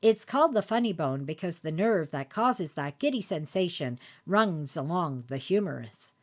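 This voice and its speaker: A woman imitating a female voice assistant, reading out an answer in an even, matter-of-fact way. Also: fairly low pitch, moderate pace. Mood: informative. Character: calm female voice assistant, informative.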